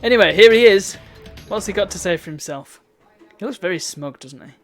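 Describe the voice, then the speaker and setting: A man's voice: high-pitched, lively intonation, brisk, a bit bright, soft background music. A man giving chatty, wry commentary while streaming a video game. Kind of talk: casual gameplay commentary.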